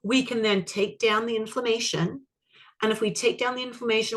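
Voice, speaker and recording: A woman's voice: fairly high pitch, a little fast. A woman teaching a live online class, walking through a client case and checking in with her audience. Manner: animated, asks the audience questions. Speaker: iridology educator. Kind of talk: webinar teaching with case story.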